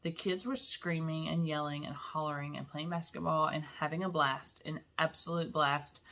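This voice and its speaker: A middle-aged woman talks casually to her viewers in a bright, forceful voice that sits a little low. She is chatty and emotional and laughs between sentences. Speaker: vlog host. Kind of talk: casual chat.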